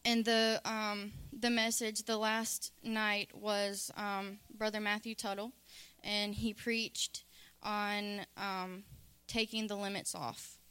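A woman from giving an earnest church testimony, pausing on fillers and restarting her sentences. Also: medium pitch, level tone, a bit bright, clean tone. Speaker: church member sharing a testimony.

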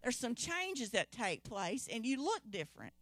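A woman preacher with a slightly high voice tells a Bible story in a lively way, calling out to her listeners. The sound is dry and close. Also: moderate pace, no echo. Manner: lively, calls out to the congregation.

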